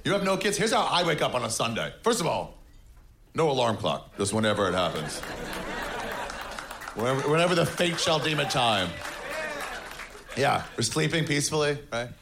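A man doing a stand-up comedy set in front of a live audience, with a deadpan, sarcastic delivery. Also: medium pitch, moderate pace, creaky, long pauses, a crowd in the background, noisy background. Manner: deadpan, sarcastic, mocking voices of others.

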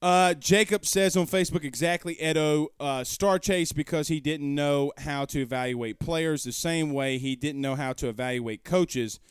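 A man hosts a casual sports talk stream from a room at home, pressing his arguments emphatically with rhetorical questions. His voice is fairly high, clear and resonant, at a moderate pace with few pauses, in clean studio sound with no room tone.

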